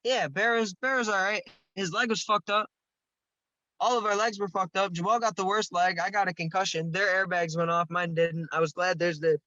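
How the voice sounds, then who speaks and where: A man's voice: high-pitched, steady tone, moderate pace, pushed and bright, no echo, muffled recording. A young man telling a story as a podcast guest, casual and profane, laughing now and then.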